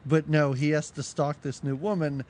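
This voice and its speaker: A podcast co-host in a casual movie-review chat, talking in an animated, sarcastic way and laughing often. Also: mid-range voice, moderate pace.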